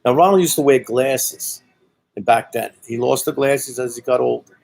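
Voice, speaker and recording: Telling a story casually, a Brooklyn-accented man from Brooklyn, New York comes off blunt, profane, and rambling, leaning on "you know" a lot. He has a mid-range, darkish voice with vocal fry at normal speed, on poor audio.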